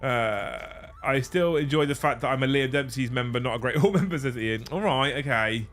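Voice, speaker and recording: A man's voice: mid-range voice, moderate pace, a bit bright, soft background music. A man hosting a casual livestream, laid-back and swearing freely as he reads out viewer messages. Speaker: livestream host.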